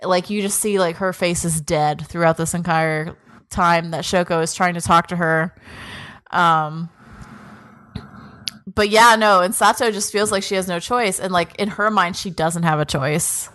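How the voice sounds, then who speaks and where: A woman's voice: on the low side, a little slow, fairly bright tone. A woman co-hosting a podcast, recapping at length in casual chat with many "like"s. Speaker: podcast co-host.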